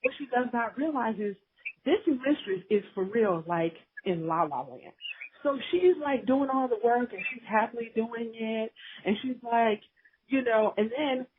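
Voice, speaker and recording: A woman's voice: a little high, lively intonation, unhurried, breathy edge. A woman co-hosting a podcast, recapping a drama in casual, gossipy storytelling and acting out the characters' lines. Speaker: podcast co-host. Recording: tinny phone line.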